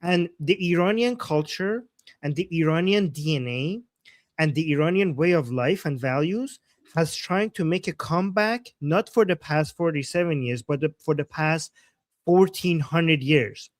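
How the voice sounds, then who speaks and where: A man from Iran speaks as a guest on a livestream. He presses his points with emphasis and repetition. His voice sits fairly high, and the sound is dry and close. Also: normal speed, no echo. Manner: emphatic, repeating key points. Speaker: guest, channel owner. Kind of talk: livestream conversation.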